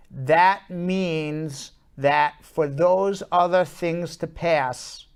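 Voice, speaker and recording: A male talk show host explains politics in a casual, animated way, his voice sitting a little higher than most men's. He rushes through some points in quick bursts and fills the gaps with ums and you-knows. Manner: animated, fast bursts with many fillers.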